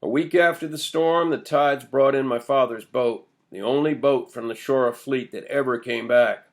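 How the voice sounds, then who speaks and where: A man's voice: medium pitch, moderate pace, lightly acted. A man reading an old villager's first-person tale of his boyhood, told in earnest storytelling. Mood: wistful. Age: older. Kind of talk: audiobook character voice.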